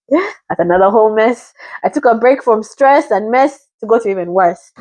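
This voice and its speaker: A woman's voice: a little high, animated, normal speed, a little mellow, dry recording. Chatty rambling woman from Africa. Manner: rambling, chatty, often mimics what others said. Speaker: reality show reactor. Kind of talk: casual chat.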